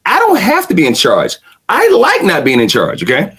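A man's voice: high voice, wildly swooping pitch, moderate pace, fairly bright tone, breathy edge. A laid-back middle-aged man in casual conversation, often repeating himself and agreeing with "right.".

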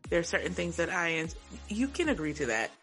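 A woman co-hosting a podcast, telling a funny story in an animated, laughing, chatty way. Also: on the low side, a little fast, faint music behind. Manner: animated, laughing, exclaiming, talks to listeners as "y'all". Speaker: podcast co-host. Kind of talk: casual chat, storytelling.

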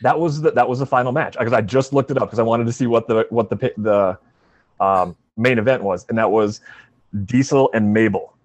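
A man's voice: medium pitch, brisk, no room sound. A man hosting a podcast in casual chat, teasing his co-hosts with dry banter. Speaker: podcast host.

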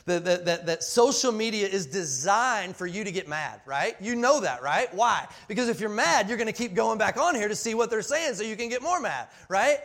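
A man in his forties preaching a sermon, passionate and full of restarts, swinging between loud emphasis and quiet asides. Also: high-pitched, lively intonation, normal speed, hardly any pauses. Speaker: pastor.

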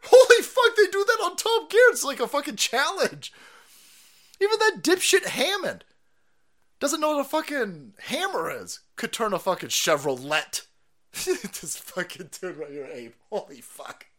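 A man's voice: very high voice, very animated, a little slow, sharp tone. A man, a streamer delivering a foul-mouthed, incredulous conspiracy rant.

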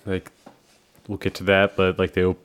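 Woman with a super low voice, dry wry comments, chill movie podcast cohost. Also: completely flat delivery, moderate pace. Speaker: podcast co-host. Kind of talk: casual film-recap chat.

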